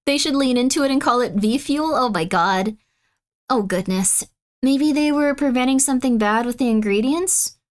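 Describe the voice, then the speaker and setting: This is a woman with a high, light voice, chatting casually on a live stream. She reacts to her chat in an excitable, playfully indignant way. She swings from loud exclamations to mumbled asides. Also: normal speed. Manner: excitable, mock-outraged, swings between loud and muttered.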